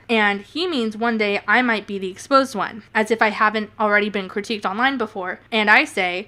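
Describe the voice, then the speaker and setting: A woman's voice: mid-range voice, steady tone, brisk, few pauses, sharp tone. A woman YouTuber giving casual commentary, sarcastic, swearing and often laughing.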